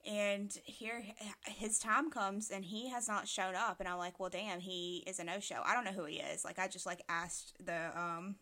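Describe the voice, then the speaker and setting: A woman's voice: mid-range voice, steady tone, moderate pace, hardly any pauses, sharp tone. A woman in her late twenties co-hosting a podcast, chatting casually, full of filler words and easy swearing. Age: late 20s. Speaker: podcast co-host. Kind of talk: casual chat.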